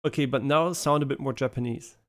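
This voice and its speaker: A man with a mid-range, slightly bright voice talks briskly as a game streamer chatting casually on a live stream. He swears and laughs while teasing a voice assistant.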